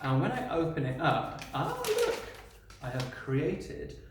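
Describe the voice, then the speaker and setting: With a high-leaning voice whose pitch swoops wildly, a male primary school teacher slowly leads young children through a recorded lesson. He's friendly and encouraging, breaking down each step as he draws and frequently asking "okay?". The background is noisy and the room very echoey.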